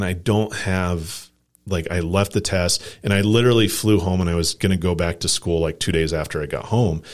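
A low-pitched man in his forties from Colorado shares a story on a casual podcast. He rambles from one detail to the next, filling it with "like" and quick impressions of what people said. His tone is relaxed and chatty. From Colorado, USA. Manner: rambling anecdote with lots of "like" and acted-out quotes. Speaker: podcast co-host.

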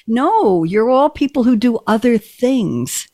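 A woman hosting a talk show, speaking at a middle pitch in a close, dry sound. She is animated and tells stories by acting out dialogue in quick bursts. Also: no room sound. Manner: animated, acts out quoted dialogue. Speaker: radio show host. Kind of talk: casual interview chat.

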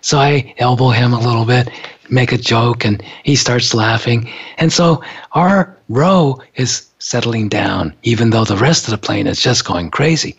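A man telling a story in a relaxed, casual way, laughing often between thoughts. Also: medium pitch, breathy edge. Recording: dull lo-fi sound.

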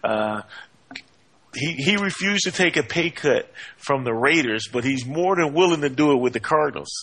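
Energetic sports radio host, man. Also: fairly high pitch, moderate pace. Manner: energetic, frequent fillers and 'hey, man'.

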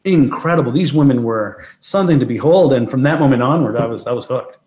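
A man's voice: medium pitch, lively intonation, fast, darkish tone, highs cut off. A man being interviewed as a guest, telling reflective anecdotes in a conversational way. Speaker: guest, photographer. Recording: roomy echo.

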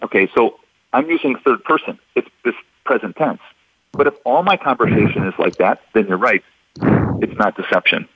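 A man with a husky, slightly breathy voice talks through examples in a steady, instructive way. The sound is dry and close, with the muffled, dull tone of a lo-fi radio broadcast. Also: on the low side, moderate pace, no echo. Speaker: deception expert guest. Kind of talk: explanatory radio talk.

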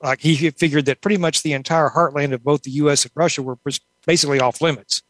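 A woman's voice: low-pitched, fairly even intonation, fast talker, no room sound, poor audio. A woman author answering interview questions in a thoughtful, rambling way, with many asides. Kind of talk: casual conversational interview.

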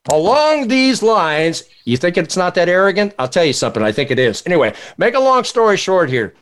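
An older man hosts a casual panel talk, his voice a touch high and swinging widely up and down. He tells stories with lively energy and checks in with his guests as he goes. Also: brisk, few pauses. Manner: animated storyteller, acts out voices in anecdotes. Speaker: host.

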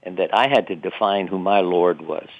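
A man's voice: sits low, moderate pace, gravelly. An older man being interviewed, telling personal stories in a reflective, chatty way with wry laughs at himself. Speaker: guest. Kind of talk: interview storytelling. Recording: tinny phone-line sound.

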